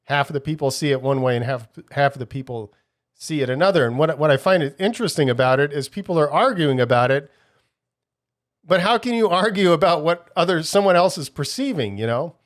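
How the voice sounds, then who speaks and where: A man's voice: on the high side, animated, brisk. Rambling, musing male podcast host. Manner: rambling, many restarts, musing. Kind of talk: casual solo podcast talk.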